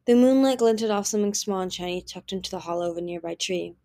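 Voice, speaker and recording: A woman narrating a fantasy novel as an audiobook, steady storytelling with occasional restarts. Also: mid-range voice, quick pace.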